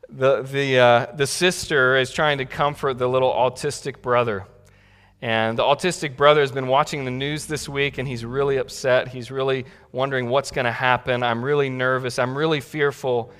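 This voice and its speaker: A man's voice: mid-range voice, fairly even intonation, normal speed, clear, resonant tone, in a large hall. A male pastor preaching a sermon in a conversational way that builds to emphatic peaks. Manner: conversational, warm asides, rising to emphatic peaks.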